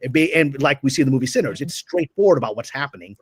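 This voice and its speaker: A man's voice: mid-range voice, expressive, very fast, a little hiss or hum. A man, a guest on a podcast, lecturing in a provocative, opinionated way. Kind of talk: casual podcast chat.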